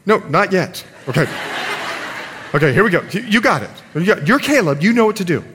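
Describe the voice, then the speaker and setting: A male pastor preaching a sermon in a church, animated and playful with his audience. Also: high voice, brisk, background noise. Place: church sanctuary. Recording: long hall reverb, congregation audible. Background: congregation.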